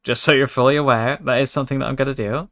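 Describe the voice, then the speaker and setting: A male streamer commentates a card game in a loose, chatty way, reacting to chat with jokes and put-on fury. His voice is bright and forceful, sitting at an ordinary middle pitch. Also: steady tone, rapid-fire. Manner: chatty, joking, mock-angry asides to chat. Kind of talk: casual gaming commentary.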